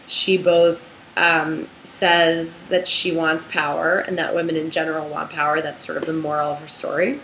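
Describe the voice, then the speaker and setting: A young adult woman teaching a literature class, talking it through in an unhurried, thoughtful way with many ums and restarts. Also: deep voice, little pitch movement, fairly bright tone, a little hiss or hum. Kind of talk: recorded lecture with a read-aloud passage. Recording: echoey room, faint ambience.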